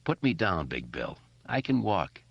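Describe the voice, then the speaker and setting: A groggy, irritable young man mumbling slowly, as a man reads him. The delivery is sleepy and drawn out, captured in a dry, slightly dull audiobook recording. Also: deep voice, sing-song, gravelly, husky, no room sound, exaggerated voice. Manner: sleepy, slow mutter.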